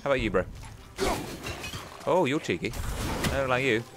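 A man's voice: mid-range voice, lively intonation, moderate pace, heavy background noise. A young man chatting and joking to himself as he plays a video game. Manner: chatty, jokey, talks to himself while playing. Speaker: gaming YouTuber. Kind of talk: gameplay commentary.

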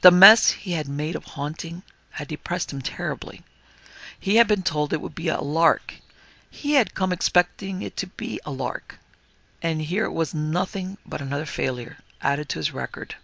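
A man reading a classic ghost story aloud as a podcast host, in a measured, firm storytelling delivery. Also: fairly high pitch, gravelly, pushed and bright, dry recording, highs cut off. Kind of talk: scripted narration of a ghost story.

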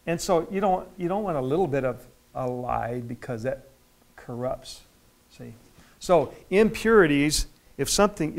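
A male pastor teaching a midweek Bible study in a church, talking conversationally with repeated words and loud emphatic stretches. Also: fairly high pitch.

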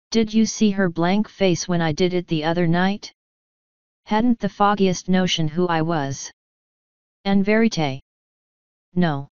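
A woman reading a classic detective novel aloud as an audiobook narrator, in a measured, steady manner. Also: on the low side, smooth, no echo, highs cut off. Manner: measured, steady reading, voicing each character in turn. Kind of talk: scripted narration.

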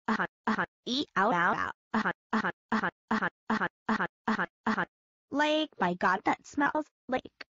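A crude, airheaded valley girl talks in a whiny, slightly high, husky voice. The sound is dry and dull, like low-fi audio. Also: fairly bright tone, no echo. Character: crude, airheaded young woman.

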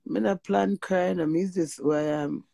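Gravelly Jamaican woman giving emphatic testimony. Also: fairly low pitch, unhurried, warm tone, no echo. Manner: preachy and emphatic, often asking "you hear that?"; mixes patois with swearing. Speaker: vlogger sharing personal testimony. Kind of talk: emotional spoken testimony.

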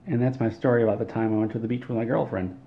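A man telling an absurd comic story in a deadpan monologue, correcting himself as he goes. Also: medium pitch, rapid-fire, creaky, muffled recording. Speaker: comedic storyteller. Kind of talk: comedic monologue.

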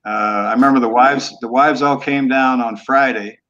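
A man's voice: mid-range voice, steady tone, normal speed, bright, forceful tone. A man in his sixties, a former quarterback, telling stories in a laid-back, blunt way with casual cussing. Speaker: guest, former football quarterback. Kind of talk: casual storytelling interview. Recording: dull lo-fi remote audio.

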